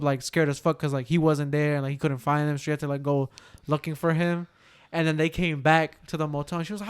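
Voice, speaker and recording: A man's voice: a little high, smooth. A young man co-hosting a podcast, telling a story in casual chat, swearing a lot and filling his talk with "like" and "bro.". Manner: animated, swearing, heavy use of "like" and "bro". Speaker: podcast co-host.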